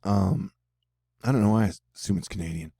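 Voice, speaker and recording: A man's voice: low-pitched, a little fast, vocal fry, warm tone, slightly rough, no room sound, studio quality. A man with a Texan accent hosting casual storm-tracking commentary over forecast maps, rambling with offbeat jokes. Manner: joking, rambling, offbeat asides. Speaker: weather video host.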